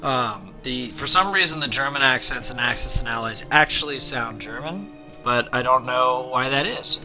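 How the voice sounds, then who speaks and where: Chatty bright-voiced gaming host. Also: male voice, mid-range voice, animated, normal speed, highs cut off, faint music behind. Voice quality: chatty, rambling, drops into quiet asides. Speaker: let's play host. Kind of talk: casual gameplay commentary.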